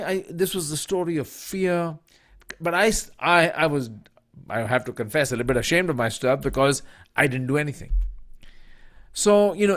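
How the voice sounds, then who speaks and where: Animated Indian-born male storyteller. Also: medium pitch. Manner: animated storyteller who acts out quoted voices, with many fillers. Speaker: business school professor and author. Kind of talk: storytelling talk.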